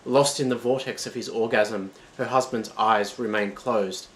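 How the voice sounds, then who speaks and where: A man's voice: on the low side, fairly even intonation, unhurried, poor audio. A man reading a dramatic retelling of a myth as a scripted narration.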